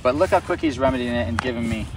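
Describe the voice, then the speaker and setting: A man's voice: mid-range voice, rapid-fire. A male dog trainer explaining a training exercise outdoors in a loose, enthusiastic, rambling way. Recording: distant outdoor mic with faint traffic noise.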